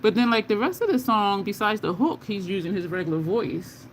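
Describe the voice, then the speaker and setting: A woman's voice: mid-range voice, lively intonation, a little fast, slight background noise. A woman chatting casually as she does her makeup on a livestream, rambling through stories and talking to viewers. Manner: chatty, rambling storyteller, Southern-style "y'all" slang. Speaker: makeup vlogger.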